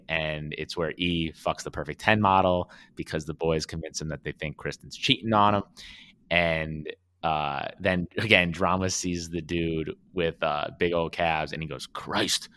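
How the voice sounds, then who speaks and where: A man's voice: sits low, moderate pace. A man co-hosting a casual podcast, telling stories with lots of swearing and acted-out quotes. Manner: animated storytelling, swears, acts out quotes. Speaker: podcast co-host. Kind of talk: casual chat.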